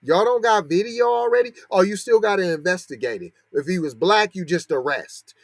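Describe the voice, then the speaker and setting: This podcast host's voice sits high and sounds animated as he tears into a news story with sarcastic, heated remarks and a run of rhetorical questions. He talks at normal speed with few pauses, in a space with no echo.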